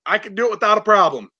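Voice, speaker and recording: A man chats as a guest, his voice high and bright, laughing often and bragging openly. The sound is close and dry. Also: expressive, fairly quick, breathy edge, no room sound, lo-fi sound. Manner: laughing, boastful and candid. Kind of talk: casual chat.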